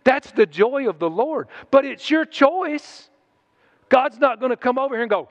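High-voiced preacher, exhorting. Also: male voice, animated, normal speed, muffled recording. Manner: exhorting, swings between loud shouts and hushed asides. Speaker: pastor. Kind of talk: sermon. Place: church sanctuary.

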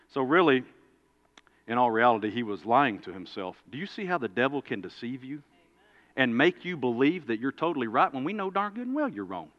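Male preacher-coach, sharp bright voice, casual storytelling sermon. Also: mid-range voice, very animated, fairly quick, dull audio. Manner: conversational, folksy, swings from loud to quiet.

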